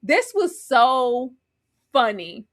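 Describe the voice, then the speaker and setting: A woman's voice: high-pitched, very animated, very slow, noisy background. A woman hosting a live TV recap, retelling scenes animatedly with acted-out quotes and laughter. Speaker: podcast host.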